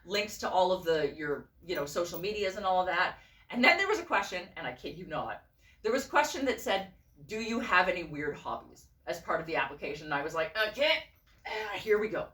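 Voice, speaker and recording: A woman's voice: lowish voice, brisk. A woman telling a story in a casual vlog, swearing freely and acting out the voices of the people she quotes. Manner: animated, profane, acts out quoted voices. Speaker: vlogger and costume designer. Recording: roomy and a bit distant from the mic.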